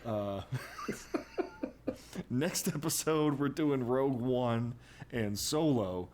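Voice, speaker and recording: Lively, chuckling podcast co-host man. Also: mid-range voice, very slow, a little hiss or hum. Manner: animated, profane, chuckling asides. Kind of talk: casual chat.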